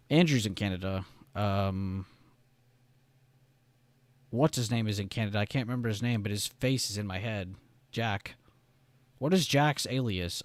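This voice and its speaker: A man's voice: fairly low pitch, no echo. A young man from the United States hosting a casual trading live stream, rambling and reading chat messages aloud.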